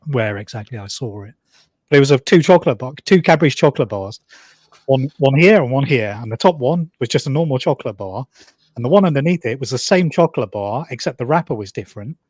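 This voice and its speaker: A man from the UK chatting casually, telling brisk anecdotes and laughing through his stories. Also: medium pitch, darkish tone, no echo, clean studio sound. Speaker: co-host. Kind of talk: casual chat.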